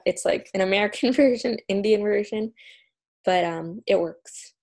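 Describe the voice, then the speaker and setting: A woman's voice: medium pitch, normal speed, a little mellow. A woman, an author and journalist, talking as a guest in an interview, earnest and upbeat, with fillers and restarts. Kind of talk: promotional interview talk.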